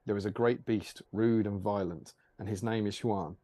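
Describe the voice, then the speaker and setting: A man reading aloud as a proud young elf princess, speaking loud and haughty. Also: fairly low pitch, fairly even intonation, normal speed, no echo, close to an everyday voice. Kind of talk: storybook reading.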